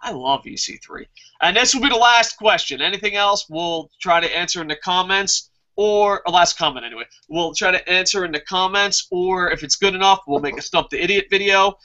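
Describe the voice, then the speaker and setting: A man's voice: sits high, animated, fairly quick, pushed and bright. A man hosting a wrestling review show, reading viewer comments and ranting heatedly with plenty of swearing. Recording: muffled lo-fi recording.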